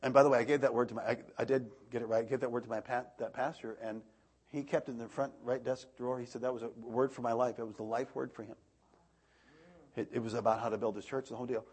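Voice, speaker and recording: A man in his thirties preaching a sermon, animated, swinging between loud outbursts and soft asides. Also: mid-range voice, fast, slightly rough.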